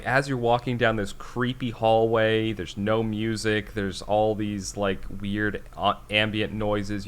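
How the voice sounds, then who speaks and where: A man with a lowish voice talking casually as a podcast co-host. He rambles through his stories, laughs partway through sentences and swears offhandedly.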